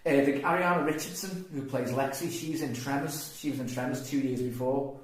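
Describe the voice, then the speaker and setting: A man's voice: mid-range voice, steady tone, a little fast. A man co-hosting a casual movie review chat, rambling and restarting his words. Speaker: podcast co-host. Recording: very echoey room, faint noise.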